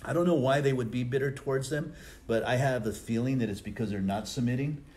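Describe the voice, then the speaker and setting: A male pastor, preaching a sermon in a conversational, storytelling way that swings between loud and soft. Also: medium pitch, quick pace, slight background noise. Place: church sanctuary.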